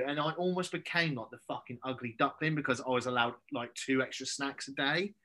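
A man from southern England, a podcast guest, telling stories in a blunt, sweary, animated way during a casual chat. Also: mid-range voice, fairly quick, few pauses. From Andover, southern England.

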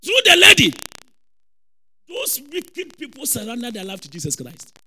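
High, animated Ghanaian preacher man. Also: normal speed, gravelly, breathy edge, low-quality recording. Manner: animated, repeats phrases, shouts for emphasis. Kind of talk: lively sermon.

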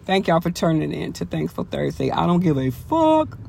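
A woman's voice: deep voice, very animated, normal speed, vocal fry, mellow, a little hiss or hum. A woman hosting a podcast, giving a casual motivational monologue in a blunt, profane, emphatic way and repeating her key phrases for punch. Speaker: podcast host.

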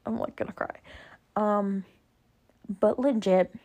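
Gushing chatty young woman. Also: takes it slowly. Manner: gushing, chatty, fillers like "like" and "literally"; acts out quotes in a higher, louder voice. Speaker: vlogger. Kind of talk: casual chat.

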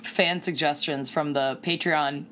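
A woman's voice: low-pitched, fairly even intonation, a little slow, over a noisy crowd. A woman co-hosting a podcast in casual chat, bubbly and laughing often. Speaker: podcast co-host.

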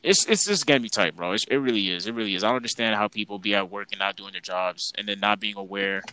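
A young man on a podcast goes off in a long, exasperated rant, packed with slang and cursing. His voice has a bright, forceful edge, and the sound is close and dry, with no room around it. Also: lowish voice, quick pace, clean tone, no room sound, poor audio. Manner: animated, exasperated ranting with heavy slang and profanity. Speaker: podcast co-host.

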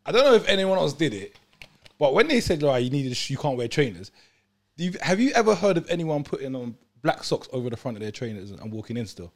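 A man hosting a podcast, laid-back and quick to laugh in casual banter. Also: medium pitch, big pitch swings. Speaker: podcast host.

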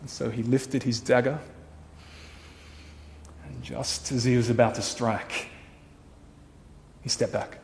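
A man's voice: medium pitch, fairly even intonation, slow, gravelly, pauses often, a little hiss or hum. Man preaching dramatically in an echoing hall. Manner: dramatic, swings between hushed and loud. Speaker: pastor. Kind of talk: sermon storytelling.

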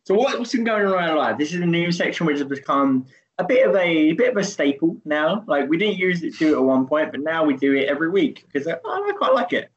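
A man's voice: a little high, very animated, quick pace, hardly any pauses, muffled recording. A man hosting a podcast, chatting casually and teasing, rambling with many restarts. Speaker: podcast host. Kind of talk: casual chat.

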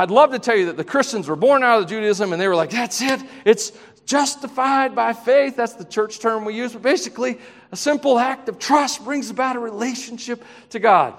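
A man with a high-pitched voice preaches a sermon. He builds to loud, emphatic passages, then drops to quiet, hushed questions, and adds self-deprecating asides. His voice carries the long reverb of a large church hall. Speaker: pastor.

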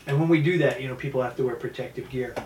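A man's voice: mid-range voice, racing, a little hiss or hum. A man from New telling stories as a martial arts instructor in a casual interview, often acting out quotes in his stories. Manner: animated storyteller acting out quotes. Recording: echoey room, mic at a distance.

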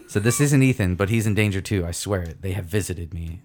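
A young man co-hosting a podcast, telling a story in a casual, profane, animated way. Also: deep voice, brisk, a little hiss or hum. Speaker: podcast co-host.

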